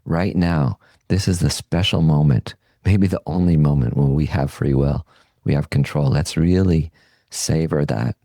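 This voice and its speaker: A male meditation teacher and podcast host with a deep, gravelly voice gives a reflective Buddhist teaching talk. He sounds calm, unhurried, and gently reflective, with no echo in the recording.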